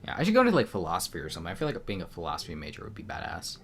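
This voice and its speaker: Young dude on a stream, voice jumps all over, jokey stories. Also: male voice, sits low, racing. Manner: animated storytelling, jokey. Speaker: podcast co-host. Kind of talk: casual chat.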